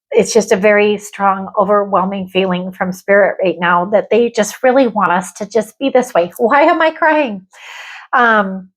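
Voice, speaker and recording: A woman gives a spiritual tarot reading in a voice of ordinary pitch. She speaks earnestly and gently, offering soft reassurance. When she reads card descriptions aloud, her delivery turns measured and calm.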